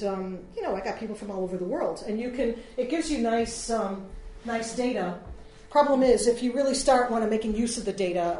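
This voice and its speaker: A woman's voice: medium pitch, mellow. A woman giving an informal workshop talk to a small group, chatty and rambling with frequent fillers. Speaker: workshop presenter. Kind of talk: informal talk on free online tools. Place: room with an audience. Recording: echoey room, slight noise.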